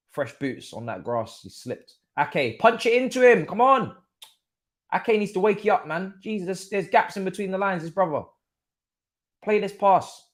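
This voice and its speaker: A man hosting a live football watchalong stream, chatting through the match as a fan and bursting into shouts at big moments. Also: fairly high pitch. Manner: excitable, erupts into shouts and laughs at goals. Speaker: watchalong host.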